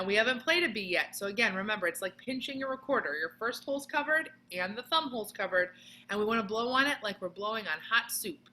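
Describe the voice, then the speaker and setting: Bright-voiced woman teaching a music lesson. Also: medium pitch, a little hiss or hum, low-quality recording. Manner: patient, clear step-by-step explaining with sung demonstrations. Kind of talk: recorded online music lesson for children.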